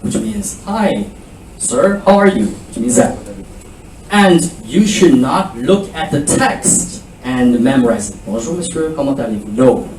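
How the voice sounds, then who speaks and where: Guy giving a seminar talk, kinda high voice, far from the mic in a roomy hall, drills french phrases. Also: takes it slowly. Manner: animated lecturing, mixing French phrases and drills. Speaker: school principal giving a seminar. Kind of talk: seminar talk to prospective students. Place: presentation room. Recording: echoey room, voice from afar, faint background hum.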